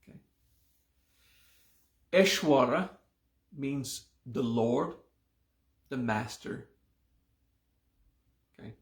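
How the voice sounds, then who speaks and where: A man teaching a live meditation class, explaining a mantra and its hand gesture at an unhurried pace and often checking in with "okay?". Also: mid-range voice, animated, roomy sound.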